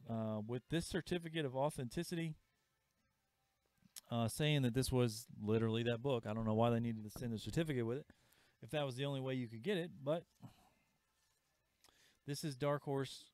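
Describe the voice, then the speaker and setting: A man hosting a live comic shop sale, chatting casually and pitching items with asides. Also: normal speed, pauses often, a little mellow, no room sound. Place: comic store. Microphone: livestream camera mic.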